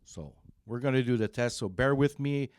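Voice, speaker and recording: A man's voice: mid-range voice, moderate pace, a little mellow. A man in his fifties who plays drums, chatting casually from his home studio while demonstrating vocal microphones, thinking aloud and correcting himself as he goes. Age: 50s. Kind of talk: casual gear demo talk to camera. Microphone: studio vocal microphone close up.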